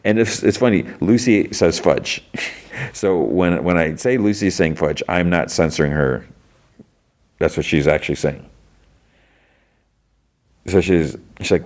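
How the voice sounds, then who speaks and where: A man's voice: sits low, a little slow, pauses often, a little mellow. A man hosting a podcast who recaps an episode in a loose, rambling way full of "like" and restarts. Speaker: podcast host.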